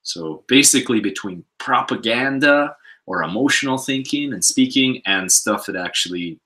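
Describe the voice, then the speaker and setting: A man with a Canadian accent co-hosting a live stream, reading viewer comments and chatting in a relaxed, hesitant way. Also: mid-range voice, normal speed, poor audio. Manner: easygoing, hesitant, lots of fillers.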